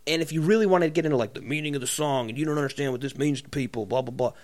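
A man's voice: on the high side, rapid-fire, a little mellow. A man co-hosting a casual podcast, ranting in a profane, mocking way and acting out other people's voices. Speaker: podcast co-host. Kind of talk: profane comedic rant.

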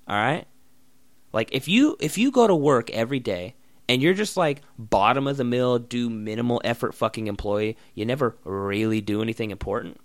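A man's voice: medium pitch, dry recording. A young man hosting a solo podcast, ranting bluntly and sarcastically with lots of swearing. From Oregon. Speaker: podcast host.

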